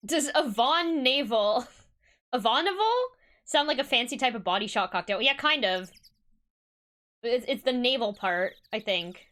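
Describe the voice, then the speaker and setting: Woman streamer, casual chat, giggly, rambling, animated pitch. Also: measured pace. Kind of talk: casual live-stream chat while reading a game.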